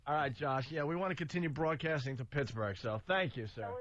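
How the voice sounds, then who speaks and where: A man's voice: on the high side, a little fast, a bit bright, no echo. A man hosting a radio talk show, chatting loosely, reading out news items and taking callers. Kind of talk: casual radio banter. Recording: dull radio archive with faint hiss.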